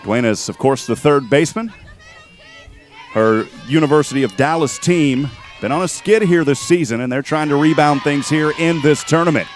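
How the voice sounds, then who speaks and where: A man calling a college softball game play by play, chatty and quick with statistics, joking with his co-host. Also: on the high side, soft background music, a faint crowd. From Texas. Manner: chatty, rattles off stats, jokes with co-host. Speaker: play-by-play announcer. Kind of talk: sports play-by-play commentary. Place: outdoor softball field.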